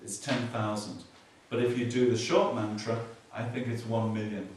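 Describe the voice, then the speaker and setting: A man's voice: on the low side, level tone, a little mellow, a little hiss or hum. Male Buddhist teacher, patient and repetitive with dry jokes, recorded far off in a very echoey hall. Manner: explains slowly, repeats key words, dry humor. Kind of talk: dharma teaching. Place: meditation hall.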